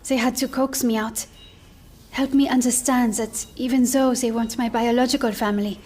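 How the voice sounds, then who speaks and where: A woman voicing a gentle young woman, high-voiced. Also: steady tone, moderate pace, natural voice. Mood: sincere. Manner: earnest, hesitant, gentle. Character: gentle young woman, kind, nervous, sincere. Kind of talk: video game cinematic drama.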